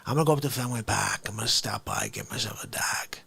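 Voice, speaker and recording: A man putting on a rough, clumsy Boston accent as a brash local heading to the ballpark. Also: on the low side, fast, pushed and bright, pitched below the performer's own voice, exaggerated voice. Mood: boastful. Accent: put-on Boston. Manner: rough, casual, clumsy imitation.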